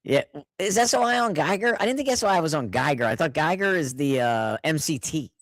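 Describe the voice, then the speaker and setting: A man's voice: fairly high pitch, lively intonation, a little fast, fairly bright tone, dry recording. A middle-aged man in casual chat, rambling through anecdotes and chuckling often.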